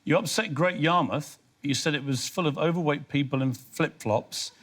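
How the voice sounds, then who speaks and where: A man's voice: on the high side, normal speed, fairly bright tone, slightly rough. A man hosting a TV interview, putting pointed, probing questions to his guest in a studio. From England. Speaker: interviewer host. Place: television studio.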